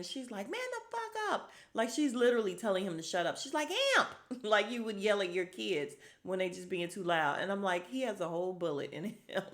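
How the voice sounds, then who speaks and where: A woman hosting a podcast, casually recapping a TV episode, animated and laughing as she acts out the characters' lines. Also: lowish voice.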